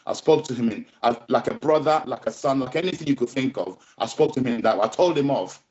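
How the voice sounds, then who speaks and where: A man's voice: mid-range voice, fast, a little mellow. A middle-aged man, a boxing trainer telling his story as an interview guest in an emphatic way, repeating phrases and checking in with "yeah?". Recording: slightly dull lo-fi audio.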